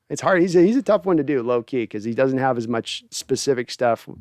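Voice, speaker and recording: A man's voice: mid-range voice, lively intonation, brisk, hardly any pauses, darkish tone, no echo, studio quality. A man hosting a casual sports livestream, rambling through viewer comments with plenty of fillers. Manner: rambling, lots of fillers, laughs at himself. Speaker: sports show host.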